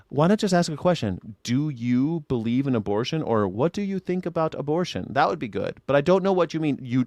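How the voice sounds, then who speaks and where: Ranting male livestream host, lively pitch. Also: a little fast, no room sound, studio quality. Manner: ranting, mocking callers' phrasing. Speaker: talk show host. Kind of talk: casual livestream chat.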